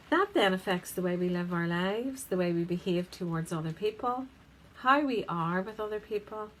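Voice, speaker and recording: A woman's voice: medium pitch, slight background noise, low-quality recording. A woman therapist giving a conversational, emphatic self-help talk straight to the viewer. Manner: conversational, emphatic, gently teasing. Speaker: integrative therapist.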